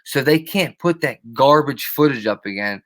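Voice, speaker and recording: A man running a live stream in a loose, profane rant that wanders from point to point. His voice sits at an ordinary middle pitch, and he keeps breaking off to call out to people in his chat. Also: expressive, moderate pace, a bit bright. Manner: profane, rambling, greets chatters by name.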